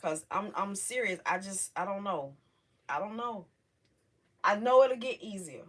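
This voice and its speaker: A middle-aged woman hosting a casual livestream, talking emotionally and haltingly to her viewers, close to tears. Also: mid-range voice. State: on the verge of tears. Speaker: livestream host.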